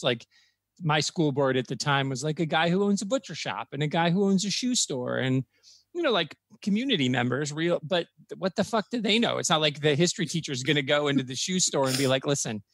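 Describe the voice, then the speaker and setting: A man's voice: fairly high pitch, expressive, fairly quick, fairly bright tone, no echo. A man, a college professor telling blunt stories and swearing casually. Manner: frank storytelling, swears casually. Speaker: college professor, podcast guest. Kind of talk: casual podcast chat.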